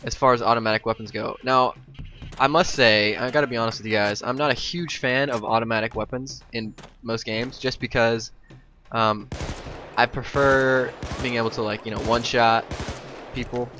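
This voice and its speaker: Bright-voiced young man commenting on gameplay. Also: mid-range voice, steady tone, moderate pace, a little hiss or hum. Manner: rambling, many ums and asides. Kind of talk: casual game commentary.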